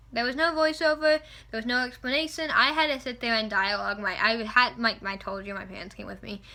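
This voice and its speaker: Excitable high-voiced young woman. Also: brisk. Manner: excitable, rambling, opinionated. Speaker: vlogger reviewing a film. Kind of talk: casual chat. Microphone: camera mic at close range.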